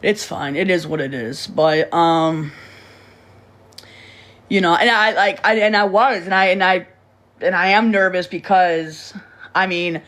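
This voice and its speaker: A woman's voice: lowish voice, measured pace, long pauses, a bit bright. A young woman talking casually to her livestream viewers, rambling and restarting sentences, blunt and swearing freely. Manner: rambling, repeats words and restarts often.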